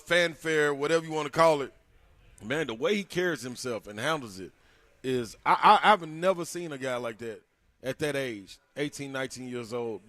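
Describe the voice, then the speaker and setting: A man's voice: mid-range voice, fairly bright tone, no room sound. A man co-hosting sports talk radio, casual and slangy, laughing often. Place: radio studio.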